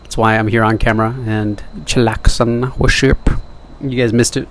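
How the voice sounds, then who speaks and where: A man's voice: fairly low pitch, flat delivery, normal speed, a bit bright, slight background noise. A young man talking casually to camera in a rambling monologue, joking at his own expense and wandering into side remarks. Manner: jokey, self-deprecating, wandering asides. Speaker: vlogger.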